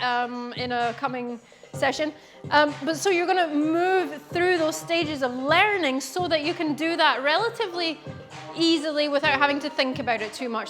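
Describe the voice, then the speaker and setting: A woman's voice: high-pitched, a bit bright. A woman teaching a belly dance class, explaining moves and counting beats aloud with encouragement. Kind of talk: online dance class instruction.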